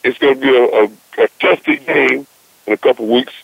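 A man's voice: medium pitch, brisk, vocal fry, husky, dry recording. A male caller talking to a sports radio show in a laid-back, rambling way, often saying "man". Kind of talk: casual phone-in chat. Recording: muffled phone-in line.

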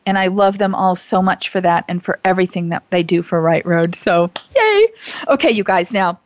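A woman's voice: on the low side, fairly even intonation, a little fast, muffled recording, a little hiss or hum. A middle-aged woman hosting a call-in show for teachers, talking in an earnest, gushing way with many restarts. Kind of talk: heartfelt casual talk show monologue.

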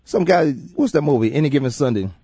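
A man hosting a casual sports talk radio show, animated and repetitive as he makes his points. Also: on the high side, quick pace, husky, dry recording. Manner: animated, repeats himself.

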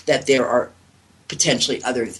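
A woman's voice: rumbling low, steady tone, fairly quick, slightly rough. A woman in her sixties from New York, a reflexologist telling stories in an interview, rambling with many fillers and restarts. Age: 60s. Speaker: guest reflexologist. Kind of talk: interview answers.

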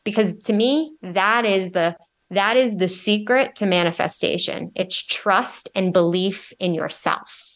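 A woman's voice: mid-range voice, a little slow, fairly bright tone. A woman co-hosting a podcast, earnestly explaining her views in a reflective, thoughtful way. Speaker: podcast co-host. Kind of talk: reflective spiritual discussion.

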